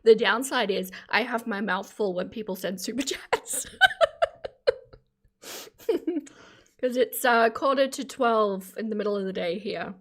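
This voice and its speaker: A woman's voice: medium pitch, normal speed, hardly any pauses. Chatty woman streaming commentary. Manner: chatty, opinionated, thanks viewers warmly. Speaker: livestream reaction host. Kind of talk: casual commentary livestream.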